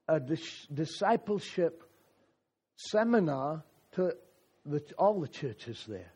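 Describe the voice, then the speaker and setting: A male preacher telling a story in a sermon, speaking in short phrases and pausing for an interpreter. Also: fairly high pitch, sing-song, mellow, husky.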